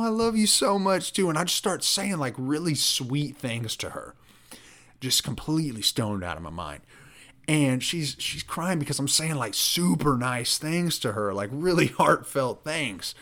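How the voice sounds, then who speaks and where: A man hosting a podcast, telling a story in a rambling, animated way with lots of filler words. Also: mid-range voice, a little slow. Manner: rambling, animated, heavy use of "like". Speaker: podcast host. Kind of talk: casual storytelling chat.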